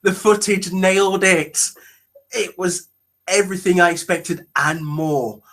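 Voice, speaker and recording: A man reacts to a trailer, his voice bright and somewhat high for a man. He speaks slowly and haltingly, breaking off into exclamations and restarts. He sounds close to tears throughout. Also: fairly even intonation. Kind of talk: emotional reaction video.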